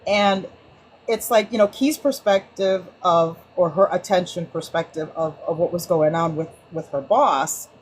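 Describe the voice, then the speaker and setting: A woman on an online group call, sharing casually with lively, acted-out anecdotes and frequent restarts. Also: fairly low pitch, measured pace, husky, low-quality recording. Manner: animated storyteller, many restarts and acted-out quotes. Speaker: book club participant.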